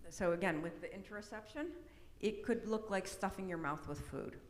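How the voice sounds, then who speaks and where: A woman's voice: mid-range voice, moderate pace. A middle-aged woman presenting an autism awareness talk in a conversational way, often checking in with tag questions. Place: church hall. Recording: echoey hall, long reverb.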